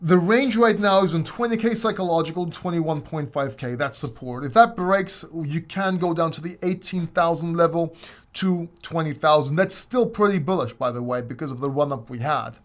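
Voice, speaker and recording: Laughing, joking crypto livestream host. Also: male voice, a little high, normal speed. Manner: joking, laughing often, rambling with restarts. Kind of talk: casual livestream Q&A.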